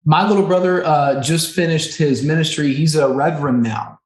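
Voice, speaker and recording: With a voice on the high side, a little mellow and at normal speed, a man in his thirties tells a personal story on a podcast. He co-owns a recovery center and speaks earnestly and emotionally, regularly checking in with "right?" and "okay?". The voice sounds roomy and echoey.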